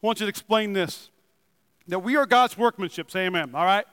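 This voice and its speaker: A young man preaching a sermon in a church, wearing a microphone, swinging between loud emphatic peaks and relaxed chatty storytelling. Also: high voice, fairly quick, clean tone, dry recording, in a large hall. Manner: excitable, rising to loud emphatic bursts then easing into chatty storytelling. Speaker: pastor. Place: church building.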